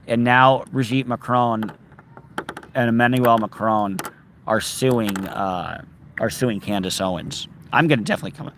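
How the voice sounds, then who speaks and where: A man's voice: mid-range voice, a little slow, noisy background. A man hosting a casual outdoor livestream, chatting with viewers and reading their comments, playful and given to singing snatches of songs. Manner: playful, sings snatches of songs, reads viewer names aloud. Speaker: livestream host. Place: outdoors in a park.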